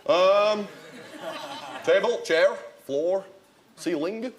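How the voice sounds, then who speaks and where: An actor playing a posh, plummy art critic customer with a drawling upper-class English accent in a comedy sketch. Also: male voice, high voice, drawn-out words, a faint crowd. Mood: deadpan whimsical. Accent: posh southern English.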